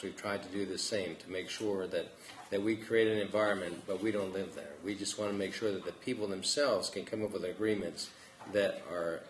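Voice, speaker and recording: A man in his fifties, a government envoy, answering a panel in measured, deliberate public remarks with a reassuring tone and "uh" pauses. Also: deep voice, reverberant, slight background noise.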